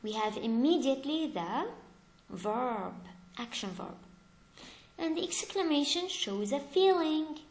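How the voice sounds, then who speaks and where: A woman teaching grammar in a slightly high voice, speaking very slowly and deliberately. She asks her pupils questions and then answers them herself, leaning hard on each example. The room around her echoes. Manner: lively, stresses examples with rising emphasis. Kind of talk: slow, deliberate classroom explanation.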